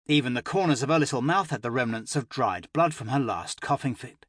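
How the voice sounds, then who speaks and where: Man, audiobook narrator, expressive, emotional, husky, lively pitch, dry close recording. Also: a little fast, no echo. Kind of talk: first-person audiobook narration.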